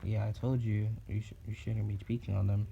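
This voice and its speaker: A thirteen-year-old boy voicing a calm teenage boy hero who speaks in a plain, matter-of-fact way. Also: on the low side, brisk, vocal fry, lo-fi sound, slight background noise.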